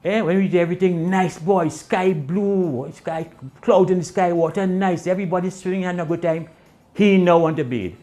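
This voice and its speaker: A man telling comic stories in island dialect, acting out the people in his tales. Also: moderate pace. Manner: animated, swinging pitch, voices the people in his tales. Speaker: storyteller.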